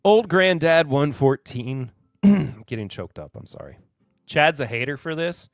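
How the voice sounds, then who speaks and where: A man's voice: on the high side, animated, takes it slowly, dry recording, studio quality, faint music behind. A man hosting a casual live-stream whiskey podcast, reading new bottle labels aloud in a rambling, sarcastic, self-deprecating way. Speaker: podcast host.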